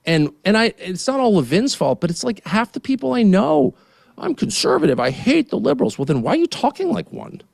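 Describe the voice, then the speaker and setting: Man, 50s, indignant political rant, hugely swinging pitch, slightly high voice, dry close sound. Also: very animated, brisk, creaky, hardly any pauses, no echo. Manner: emphatic, indignant, swings from mutters to shouts. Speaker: guest commentator.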